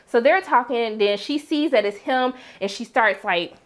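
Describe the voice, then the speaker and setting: A woman with a fairly high voice recaps a TV episode in a casual, slangy way. She tells the story with dramatic reactions and lively storytelling. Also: normal speed. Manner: slangy, conversational. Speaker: TV series reviewer.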